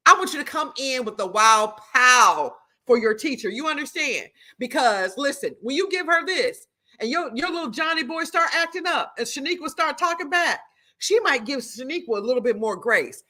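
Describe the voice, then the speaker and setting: Animated high-voiced woman preaching to viewers. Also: moderate pace. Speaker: livestream host and prophetess. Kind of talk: lively live-stream talk and teaching.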